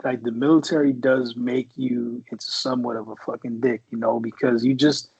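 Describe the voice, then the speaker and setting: A man's voice: medium pitch, flat delivery, fairly quick, creaky, darkish tone, husky, poor audio. A man in his forties from the Bay Area, a Marine veteran and podcast co-host, telling stories in a rambling, profane way, full of fillers. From San Francisco Bay Area. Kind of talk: casual storytelling chat.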